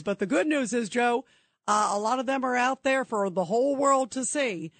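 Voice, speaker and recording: A woman's voice: mid-range voice, no room sound. Woman, talk radio host; emphatic, opinionated, interrupts callers; dry studio sound.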